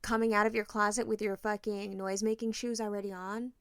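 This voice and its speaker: A woman co-hosting a casual podcast chat, acting out stories with quick asides and plenty of swearing. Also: medium pitch, clear, resonant tone, no echo, studio quality. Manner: animated storytelling, acting out both sides of a date with quick whispered asides; swears freely. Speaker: podcast co-host.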